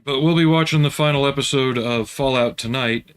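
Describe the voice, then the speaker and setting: A man hosting a casual livestream, chatting in a relaxed way and answering viewer comments while he works at home. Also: mid-range voice, fairly quick, smooth. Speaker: livestream host building scale models.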